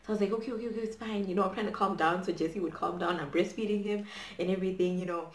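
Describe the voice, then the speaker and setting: A woman's voice: on the low side, steady tone, fast talker. A woman in her twenties from Zimbabwe, telling a dramatic storytime while doing her hair, with lots of fillers. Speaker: vlogger. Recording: echoey room.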